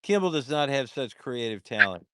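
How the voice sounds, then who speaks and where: A man's voice: medium pitch, sing-song, normal speed, fairly bright tone, no room sound, clean studio sound. A man rambling and joking in a casual voice chat, with lots of filler words.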